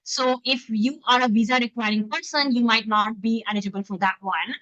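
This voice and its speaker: A woman from Pakistan giving an online webinar talk as a physician-scientist, speaking quickly from her home through a computer mic set back from her. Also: on the high side, steady tone, a bit bright, no echo. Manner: fast-talking, explanatory. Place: home, in the middle of moving. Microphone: computer mic, not close. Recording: dull lo-fi video call audio.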